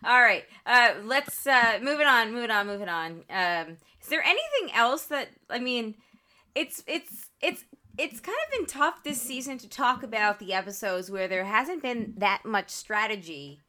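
A woman with a Long Island accent, co-hosting a casual chat and telling animated stories with frequent laughter. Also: on the high side, moderate pace. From Long Island, New York. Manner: animated storytelling, laughs often. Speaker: podcast co-host.

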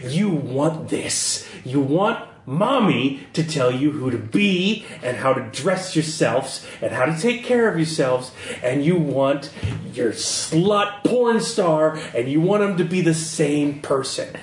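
A man's voice: fairly high pitch, animated, slow, hardly any pauses. A man voicing a bitter, defiant woman in a tabletop horror game. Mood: scornful. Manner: scornful, ranting. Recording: roomy echo, faint background noise.

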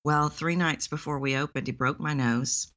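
Low-voiced woman telling her story. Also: fairly even intonation, normal speed, fairly bright tone, highs cut off. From Texas. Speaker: voice coach guest. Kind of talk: podcast interview.

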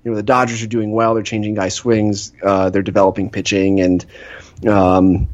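A man's voice: fairly low pitch, monotone, normal speed, a little mellow, dull audio. A man co-hosting a podcast, chatting about baseball in an easygoing, hesitant way with many uhs. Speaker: podcast co-host. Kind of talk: casual baseball chat.

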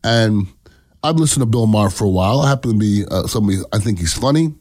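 A man's voice: fairly low pitch, lively intonation, fast talker, darkish tone. A man talks through a casual political commentary with blunt, emphatic delivery. He swears freely and keeps checking in with his listeners.

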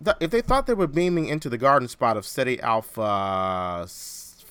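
A man hosting a podcast in casual chat, animated and jokey. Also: medium pitch, normal speed, very noisy. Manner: animated, jokey, quotes lines from films. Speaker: podcast host.

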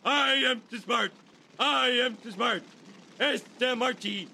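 A man voicing a dim-witted cartoon man who proudly boasts of his smarts in a slow, sing-song way. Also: very high voice, creaky, bright, forceful tone, slightly rough, exaggerated voice. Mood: boastful.

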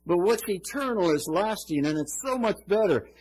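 A man's voice: high voice, expressive, normal speed, a little mellow, breathy edge, soft background music, low-quality recording. A man preaching a sermon, quoting scripture in an earnest, emphatic way. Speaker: pastor.

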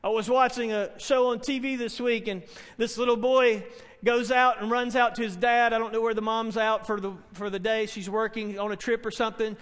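A man's voice: very high voice, little pitch movement, fairly quick, fairly bright tone, clean tone, in a large hall. A man preaching a sermon, telling stories earnestly and building to emphatic proclamations. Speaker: pastor.

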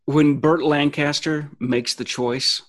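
A man's voice: a little high, fairly even intonation, slow pace. A man co-hosting a podcast, chatting candidly with some swearing. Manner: candid, profane. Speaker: podcast co-host. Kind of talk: casual podcast chat.

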